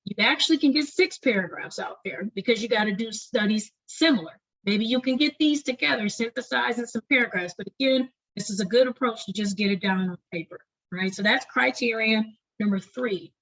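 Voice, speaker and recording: A woman leading an online lecture on doctoral writing, talking fast and often checking in with "right?". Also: on the high side, a bit bright, poor audio. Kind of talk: webinar lecture.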